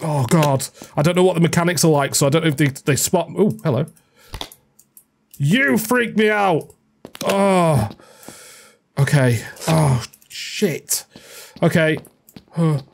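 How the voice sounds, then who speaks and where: A woman giving let's play commentary on a horror game, jumpy and swearing, with frightened yelps and shouts. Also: low-pitched, takes it slowly, vocal fry, pauses often, husky. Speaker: gaming video creator.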